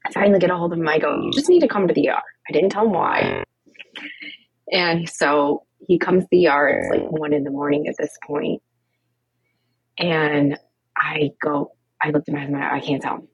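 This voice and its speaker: A low, very husky woman's voice, recorded dry and a little muffled. She tells her story candidly and acts out each exchange, filling it with "like". It is a guest speaking on an interview podcast. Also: normal speed, pauses often, dry recording. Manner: animated, acts out quoted dialogue with frequent "like" fillers. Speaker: podcast guest, cancer coach.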